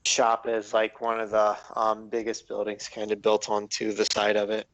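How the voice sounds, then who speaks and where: A man narrating a tabletop game as game master, halting and full of ums and likes. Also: lowish voice, completely flat delivery, a bit bright, muffled recording.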